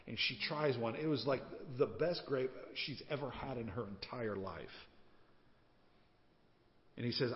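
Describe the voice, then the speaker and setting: A man preaching a sermon as a pastor, telling a story and acting out the voices in it with lively swings in loudness. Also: mid-range voice, unhurried, long pauses. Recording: dull sound with long reverb.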